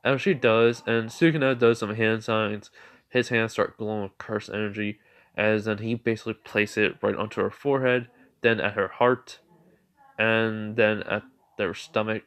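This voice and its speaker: A man's voice: lowish voice, a bit bright, clean tone. A man casually retelling a made-up fan story, rambling with lots of filler. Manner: rambling, heavy with fillers and restarts.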